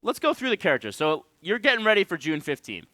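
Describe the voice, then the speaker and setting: A man casting an esports match, running play-by-play and bursting with excitement at big plays. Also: high voice, quick pace, no echo. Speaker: esports caster. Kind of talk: esports commentary.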